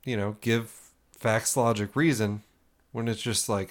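A man co-hosting a podcast, talking in a halting, searching way with many restarts. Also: on the low side, fairly even intonation. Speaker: podcast co-host. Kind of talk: casual podcast talk.

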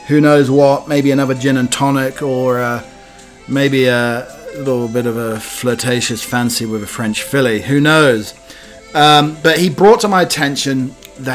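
A man hosting a comic news podcast, rambling cheekily and pausing often with fillers. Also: mid-range voice, a bit bright. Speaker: podcast host.

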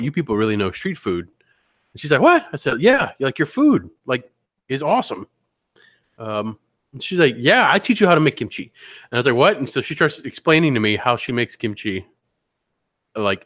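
A man co-hosting a podcast, chatting casually and telling anecdotes with animated voice impressions. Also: medium pitch, no echo, studio quality. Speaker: podcast co-host. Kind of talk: casual chat.

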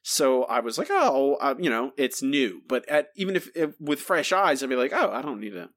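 Animated, ranting male podcast host. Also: mid-range voice, moderate pace. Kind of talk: casual podcast chat.

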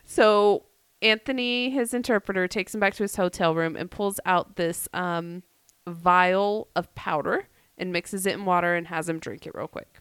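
A woman's voice: fairly low pitch, normal speed, fairly bright tone, smooth, no room sound. A woman, co-hosting a podcast and telling a wild story in a jokey, laughing way. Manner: laughing, jokey retelling with quoted voices. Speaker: podcast co-host. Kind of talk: casual storytelling chat.

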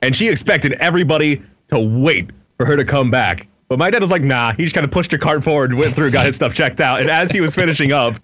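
A man's voice: a little high, quick pace, few pauses, a bit bright, no room sound. A man from Florida, a guest on a podcast, chatting in an easygoing, agreeable way. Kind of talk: casual chat.

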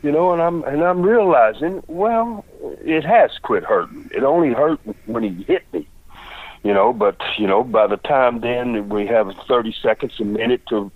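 A man's voice: medium pitch, lively intonation, moderate pace, dry recording. An older man, a retired wrestler telling a long story in a rambling, folksy way with lots of repeated words. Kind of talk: casual storytelling. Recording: dry phone-like line.

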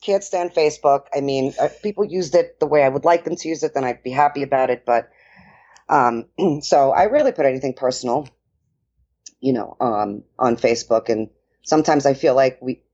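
A woman's voice: extremely low pitch, a little fast. Woman, New York accent, chatty co-host, lots of "you know", slightly dull sound. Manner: chatty, many fillers, lively quoted asides. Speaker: podcast co-host and dance professional. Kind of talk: casual chat.

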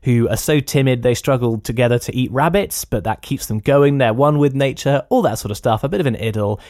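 A man's voice: mid-range voice, fairly quick, darkish tone, no room sound. Chatty male film-review podcaster, dry sound. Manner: chatty and enthusiastic, addresses listeners directly. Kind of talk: casual spoken film review.

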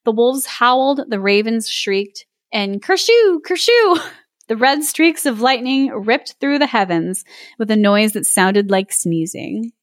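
A woman podcast host reading a fairy tale aloud, playful and animated with voices and laughs, breaking off to chat with her co-host. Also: a little high, measured pace, no room sound, clean studio sound. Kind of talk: storybook read-aloud with chat.

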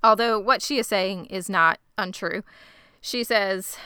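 A woman's voice: medium pitch, unhurried, bright, forceful tone, clear, resonant tone, dry recording, studio quality. A woman co-hosting a casual recap chat, chatty and acting out quotes with laughs. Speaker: podcast co-host.

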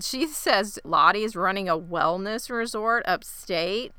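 A woman co-hosting a podcast, chatting casually through a TV episode recap with quick reactions. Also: medium pitch, bright, forceful tone, clear, resonant tone, no room sound, clean studio sound. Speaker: podcast co-host.

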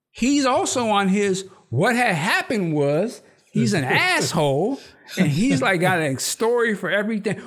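A podcast host with a high, unhurried male voice recaps a TV episode in a casual chat, full of slang and swearing. He's an animated storyteller who performs the characters' lines in raised voices.

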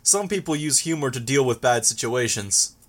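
A man voicing a calm, reasonable male hero leader with a placating manner. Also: mid-range voice, normal speed.

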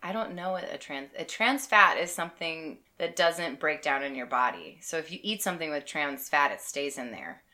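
Chatty woman with a bright, lively voice. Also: low-pitched, moderate pace, few pauses. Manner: chatty, hesitant, trailing off softly. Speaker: co-host. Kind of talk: casual chat.

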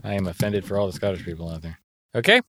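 A young man in casual comedic role-play, teasing and deadpan, running the challenges like a game master. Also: low-pitched, fast, no room sound.

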